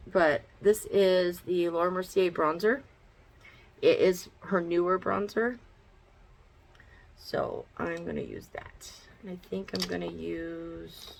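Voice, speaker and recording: A woman's voice: on the low side, vocal fry, slight background noise, rough recording. A woman chatting bluntly in a casual makeup vlog at home, swearing freely as she talks through each step. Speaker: beauty vlogger. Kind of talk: casual get-ready-with-me chat. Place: her bedroom at home.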